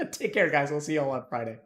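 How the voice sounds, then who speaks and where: A man's voice: on the high side, fairly bright tone, slight background noise. Playful joking man streaming live. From Texas, USA. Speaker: streamer and host. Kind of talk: casual live-stream chat.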